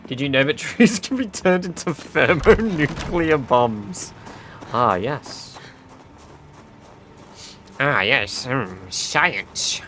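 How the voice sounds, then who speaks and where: A man's voice: mid-range voice, bright, forceful tone, slight background noise. A man streaming a game, chatting casually and reading chat aloud with offhand swearing. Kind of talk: casual livestream chat while gaming.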